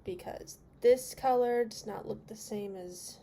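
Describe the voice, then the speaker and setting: Chatty young woman with a mellow voice. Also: on the high side, unhurried, a little hiss or hum. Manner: candid, chatty, openly complaining. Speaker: beauty vlogger. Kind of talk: makeup review vlog.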